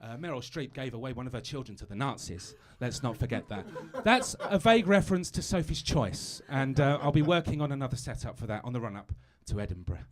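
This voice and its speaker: A man's voice: mid-range voice, big pitch swings, fairly quick, few pauses. A British man doing a stand-up comedy set on a live stage, chatty and self-mocking, stumbling over asides.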